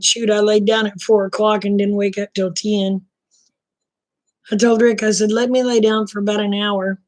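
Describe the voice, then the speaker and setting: A woman's voice: medium pitch, normal speed. Folksy Oklahoma woman chatting late night. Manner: relaxed, folksy, talks to viewers by name. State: throat a bit rough. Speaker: livestream host chatting with viewers. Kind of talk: casual late-night chat.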